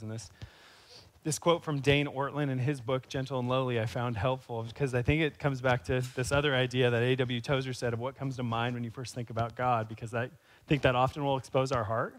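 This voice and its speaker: A man preaching a sermon as pastor, speaking conversationally and rising to animated emphasis. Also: medium pitch, fairly quick.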